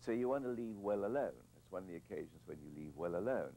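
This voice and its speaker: A man's voice: deep voice, animated, fast talker, creaky, mellow, a little hiss or hum, low-quality recording. An older man, a film director being interviewed, telling reflective anecdotes with hesitant restarts and repeated words.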